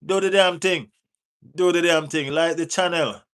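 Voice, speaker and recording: A man's voice: fairly high pitch, normal speed, clear, resonant tone. Jamaican man hosting a chatty livestream. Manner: reads out and answers viewer chat, teases, urges likes; relaxed patois-tinged phrasing. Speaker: football livestream host. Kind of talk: casual live chat.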